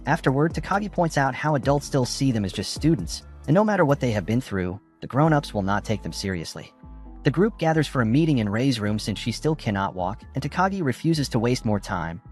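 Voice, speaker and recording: A man's voice: mid-range voice, big pitch swings, brisk, darkish tone. A man narrating an anime plot recap in a scripted storytelling style. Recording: faint background music.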